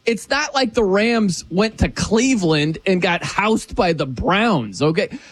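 A man hosting a casual sports talk show, animated and jokey, from the United States. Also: unhurried. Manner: animated, jokey, swoops his pitch around.

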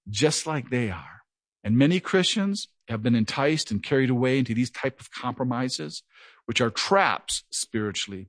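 A man's voice: mid-range voice, no echo. A middle-aged man preaching an earnest verse-by-verse Bible teaching, who mentions that he stutters and sometimes repeats words. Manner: earnest, lively preaching with a self-described stutter. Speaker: pastor.

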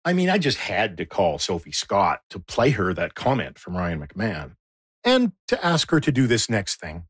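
Male documentary host, animated delivery, dry close sound. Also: fairly low pitch, moderate pace, breathy edge, no room sound. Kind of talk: radio documentary narration.

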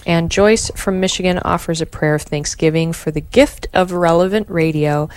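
A female radio co-host answering the rosary in measured, even responses and gently reading listener prayer intentions on a live broadcast. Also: lowish voice, clean tone.

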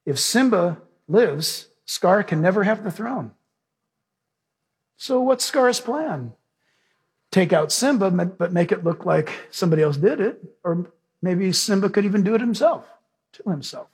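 A pastor delivers a sermon to his congregation, shifting from storytelling into fervent prayer full of repeated praise, his emphasis steadily rising. His voice is high-pitched and breathy at the edges, with lively intonation and an unhurried pace.

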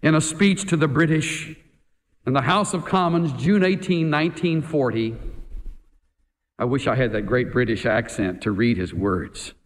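A man's voice: mid-range voice, moderate pace. A man preaching a sermon in an emphatic way, pressing his point with rhetorical questions. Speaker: pastor. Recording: echoey hall reverb.

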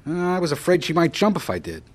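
A man's voice: fairly high pitch, very animated, fast. Fred, a troubled, hesitant man. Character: Fred, man recalling his life. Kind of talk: radio drama narration and acting.

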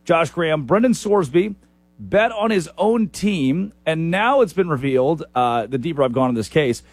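A man's voice: fairly high pitch, expressive, moderate pace, no echo. A man hosting a national sports radio show, introducing topics and joking with his guest in a loose, casual way. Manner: casual, joking, laughs often.

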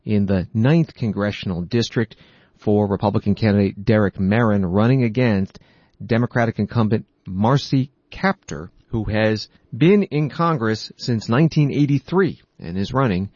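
Low-voiced man reading the news. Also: a little mellow, no echo, muffled recording. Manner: measured, formal news read. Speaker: news anchor. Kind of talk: scripted news narration.

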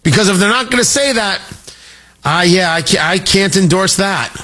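A man's voice: sits high, expressive, normal speed, sharp tone. A middle-aged man hosting a talk radio show, delivering an emphatic, opinionated monologue with joking asides into a studio microphone.

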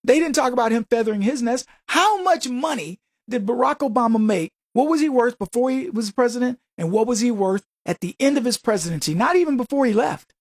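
A man's voice: extremely high pitch, expressive, fairly quick, few pauses, dry recording, clean studio sound. A man hosting a radio show, delivering a combative, sarcastic political monologue full of rhetorical questions.

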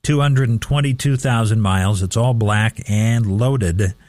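Midwestern male local radio host, slow and chatty, dry studio sound. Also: on the low side, darkish tone, no echo. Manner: slow, chatty, repeats numbers carefully. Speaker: radio swap shop host. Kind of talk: casual radio classifieds reading.

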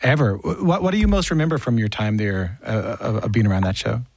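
Male interviewer, rapid delivery, dry close voice, stumbling restarts. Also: on the low side, gravelly, a little mellow, dry recording. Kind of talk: interview questions.

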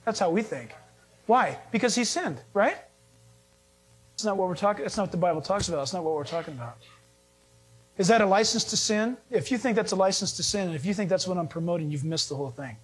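A middle-aged pastor preaches a sermon in a high, ringing, husky voice at a quick pace. Full of animated conviction, he fires rhetorical questions at his congregation and breaks into jokes.

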